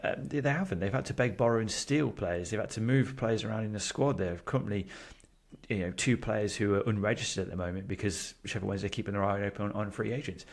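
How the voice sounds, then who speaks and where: A man's voice: lowish voice, fast, vocal fry. A man co-hosting a football podcast, arguing emphatically with a jokey edge. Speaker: podcast co-host. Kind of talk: casual football chat.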